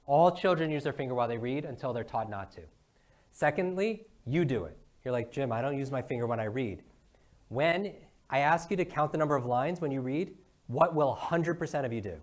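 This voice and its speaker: A man giving an energetic motivational talk, asking the audience one question after another. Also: mid-range voice. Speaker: brain coach giving a talk.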